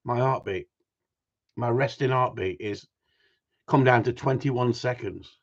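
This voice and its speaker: A man's voice: medium pitch, unhurried. A man hosting a casual livestream, bantering with his viewers and laughing a lot. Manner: joking, banters with chat, frequent laughs. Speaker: livestream host. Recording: dull lo-fi stream audio.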